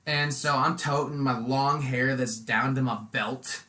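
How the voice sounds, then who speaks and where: Laid-back male host, crisp bright tone, loose storyteller. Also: medium pitch, measured pace. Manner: relaxed storytelling, loose with fillers like "like". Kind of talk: casual chat.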